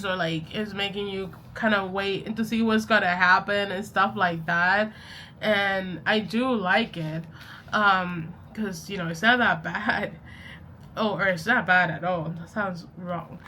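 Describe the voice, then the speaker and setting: A young woman with a bright, clear-toned voice chats casually to her viewers, rambling from one thought to the next and correcting herself along the way. She laughs easily as she talks, with a faint hum of room sound behind her. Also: mid-range voice. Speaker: journaling vlogger. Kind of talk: casual chatty vlog.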